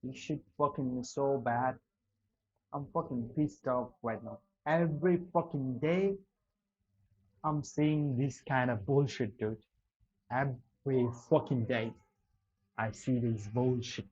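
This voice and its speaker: Husky, cursing man on a muffled stream. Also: medium pitch, slow pace, a little mellow. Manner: exasperated, heavy cursing, talks to chat as "dude" and "bro". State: smoking a cigarette while talking. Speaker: live trading streamer. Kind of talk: live-stream commentary to chat.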